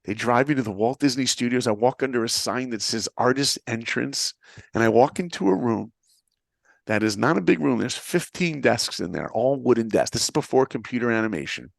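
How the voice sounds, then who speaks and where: A man's voice: medium pitch, a little fast, vocal fry, no echo. A middle-aged man from New York, telling his own story in a motivational style and acting out the dialogue he recounts. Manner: animated, acts out the dialogue he recounts.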